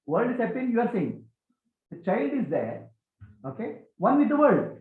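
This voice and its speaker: A man giving a spiritual talk to a gathering, animated and questioning, repeating key phrases. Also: very high-pitched, normal speed. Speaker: spiritual teacher. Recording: echoey, tinny phone-like sound.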